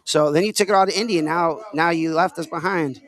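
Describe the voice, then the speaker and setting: A man's voice: a little high, fast, fairly bright tone. A man from Illinois hosting a casual podcast, talking in a rambling, filler-heavy way. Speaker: podcast host. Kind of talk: casual chat.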